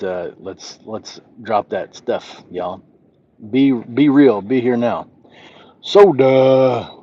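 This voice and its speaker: A relaxed man hosting a livestream, reading viewers' comments and chatting back in an easy, friendly way. His voice sits on the low side. The stream audio is dull and lo-fi. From Southwest United States. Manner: reads chat messages aloud, relaxed and friendly. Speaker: livestream host. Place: walking outdoors.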